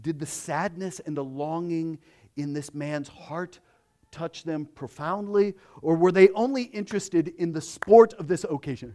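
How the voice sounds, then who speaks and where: Male preacher, high voice, slow delivery, dramatic hush-to-loud swings. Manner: acts out crowd voices. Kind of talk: sermon.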